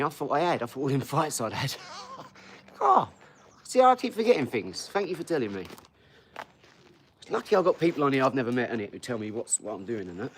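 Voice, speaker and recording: A man's voice: medium pitch, a little hiss or hum. Boastful man chatting live. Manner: boastful, chatty, talks straight to viewers. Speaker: live stream host and boxer. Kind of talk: casual live stream chat.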